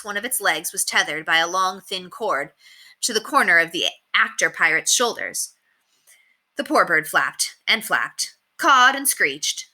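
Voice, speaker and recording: Bright, lively woman reader, expressive storybook read-aloud. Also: on the low side. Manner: expressive, animated.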